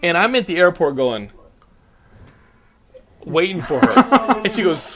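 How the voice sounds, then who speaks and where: A man's voice: high voice, sing-song, measured pace, a crowd in the background. A young man hosting a podcast, telling a story animatedly, acting out voices, swearing and laughing. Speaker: podcast host. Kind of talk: casual chat.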